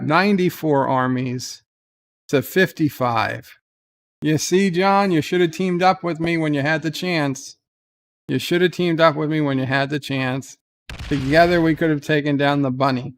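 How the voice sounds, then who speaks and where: Male host streaming a strategy game; slow, higher-pitched, vocal reactions. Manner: exclaiming and grumbling at the game. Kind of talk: live game commentary.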